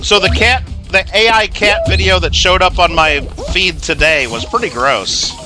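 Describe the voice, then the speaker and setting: A man's voice: high-pitched, normal speed, music in the background. A man hosting a game livestream, chatting casually in a rambling way full of fillers while he plays. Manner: rambling, filler-heavy storytelling with lots of "like". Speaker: livestream gamer host.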